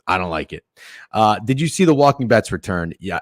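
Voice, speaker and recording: Male streamer, low-voiced, profane and opinionated, loud outbursts, dry close sound. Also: big pitch swings, a little fast, no room sound. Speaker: sports betting stream host. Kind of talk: casual livestream rant and chat reading.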